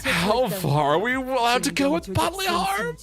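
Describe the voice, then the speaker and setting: A man's voice: very high-pitched, wildly swooping pitch, moderate pace, gravelly, pitched above the performer's own voice, exaggerated voice. A man voicing an unhinged young woman who is gleeful about violence.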